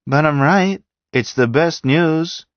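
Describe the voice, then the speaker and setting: Guy doing a giggly weird dude, way high and loud, dull dry audio. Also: slow, no echo. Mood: gleeful. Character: giggling gleeful man, odd and tactless.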